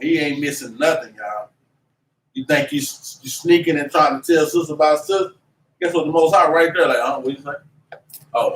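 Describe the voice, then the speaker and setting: A man teaching a religious class in an animated, preachy way, with lots of slang and repeated "man". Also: sits high. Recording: echoey room, mic at a distance, faint noise.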